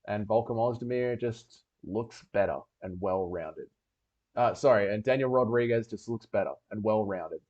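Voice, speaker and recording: A man's voice: fairly low pitch, moderate pace, darkish tone, dull audio. A man hosting a livestream, reading chat and rambling with jokey, sweary banter.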